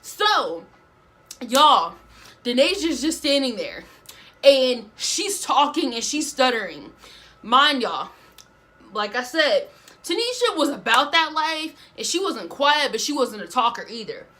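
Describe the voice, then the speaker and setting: A young woman vlogger telling a story in casual slang, animated, with big swings from loud to hushed. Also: high voice, unhurried. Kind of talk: storytime vlog.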